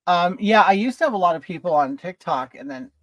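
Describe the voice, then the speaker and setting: A man's voice: sits high, expressive, a little fast, a bit bright, no echo, dull audio. A man hosting a casual livestream from home while doing his makeup, chatting and greeting viewers by name. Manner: chatty, reads viewer comments aloud and greets them. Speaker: livestream host.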